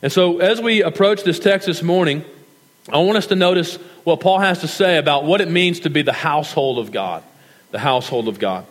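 A male pastor preaching a sermon in a church, earnest and measured, slowing down for scripture and prayer. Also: a little high, lively intonation. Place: church sanctuary. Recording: reverberant hall.

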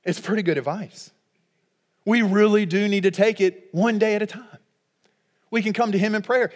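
A middle-aged male pastor preaching a sermon in a conversational, humorous way, breaking into loud, emphatic peaks. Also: sits high, normal speed, long pauses, in a large hall.

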